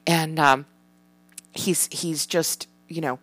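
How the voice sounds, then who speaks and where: A woman's voice: sits low, steady tone, takes it slowly, fairly bright tone, no echo. A mother chatting casually about parenting, rambling with lots of fillers and the odd swear word. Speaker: parent sharing parenting tips. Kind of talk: casual chat.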